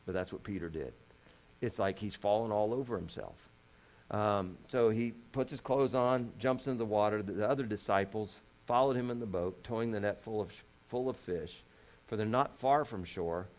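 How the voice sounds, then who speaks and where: A man's voice: lowish voice, normal speed, darkish tone. A man preaching a conversational sermon as a pastor, folksy and joking, with lots of rhetorical questions.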